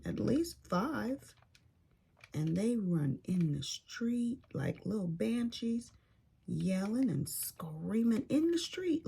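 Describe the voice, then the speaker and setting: A woman with a very husky, gravelly voice chats casually as she crafts. She tells unhurried stories with a sassy edge. Her pitch moves a lot as she talks. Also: warm tone. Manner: chatty, storytelling, sassy asides. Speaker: craft vlogger. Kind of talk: casual chat while crafting.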